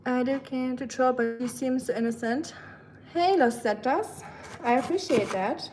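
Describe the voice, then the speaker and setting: A woman's voice: high voice, a little slow, noisy background. A young woman from Germany with a German accent, chatting casually and rambling a bit as she talks with viewers on her livestream. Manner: chatty, rambling, self-teasing. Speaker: livestream host. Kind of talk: casual chat with live viewers.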